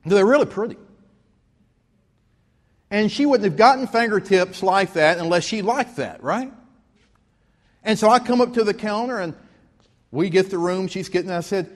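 A man's voice: high voice, lively intonation, normal speed, long pauses, in a large hall. A man, preaching a sermon as pastor, telling stories with rising emphasis. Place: church sanctuary.

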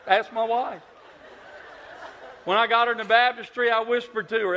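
A man preaching a sermon, telling stories with big swings from loud to hushed. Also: very high-pitched, fairly even intonation, normal speed, dull audio, slight background noise. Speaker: pastor, visiting preacher. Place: church sanctuary. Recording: echoey church hall.

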